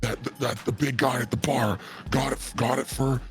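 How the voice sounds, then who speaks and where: A man voicing a big, dim-witted male brute who talks about himself by name, slow and plodding. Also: mid-range voice, fairly even intonation, music in the background, pitched below the performer's own voice, close to an everyday voice. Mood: slow, earnest.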